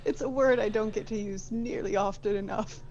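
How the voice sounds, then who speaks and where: Woman with a gravelly voice playing a tabletop game. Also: mid-range voice, moderate pace, darkish tone, dull audio, slight background noise. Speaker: player. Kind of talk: casual tabletop play.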